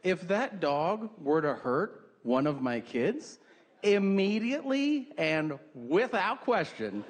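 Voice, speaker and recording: Profane stand-up comic in a club. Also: male voice, high voice, very animated, slow pace. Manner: profane, exaggerated storytelling with acted-out quotes. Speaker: stand-up comedian. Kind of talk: stand-up comedy set. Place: comedy club stage with live audience. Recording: live club recording with crowd noise.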